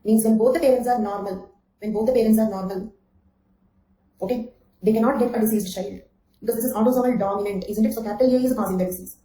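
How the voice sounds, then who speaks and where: Woman, teacher, fairly high voice, repeats herself, asks "right?", echoey room. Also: steady tone, fast, mellow. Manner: repeats key phrases, checks understanding with "okay?" and "right?"; addresses students by name. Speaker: anthropology teacher. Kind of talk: online exam-coaching lecture.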